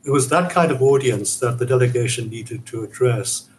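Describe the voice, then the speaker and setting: A man, a university commentator, lays out his points in a news interview, measured and emphatic, with a mid-pitched voice. A faint hiss of noise sits behind him. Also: rough recording. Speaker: academic guest commentator. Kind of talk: live news interview analysis.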